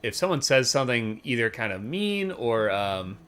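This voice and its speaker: A man in his thirties streaming a retro game, talking in a relaxed, rambling way with many fillers. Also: mid-range voice, normal speed, smooth. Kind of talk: casual game-stream chat. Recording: faint game music behind.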